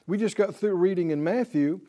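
A man's voice: high-pitched, fairly quick, mellow. A man teaching a Bible class to students who answer him, speaking emphatically and quizzing them with questions.

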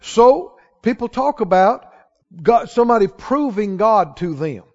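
High-pitched preacher guy, big echoey church hall, kinda dull muffled sound, gets loud n emphatic. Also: animated, measured pace. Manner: emphatic, rising to shouts on key lines. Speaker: pastor. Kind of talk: sermon.

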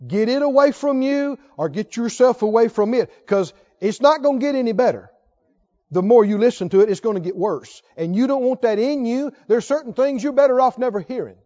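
A male pastor preaching with a very high, lively voice that rises and falls widely. He keeps asking his listeners questions. The recording is dull and lo-fi. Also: fairly quick. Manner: emphatic, asks the congregation questions. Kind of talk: sermon.

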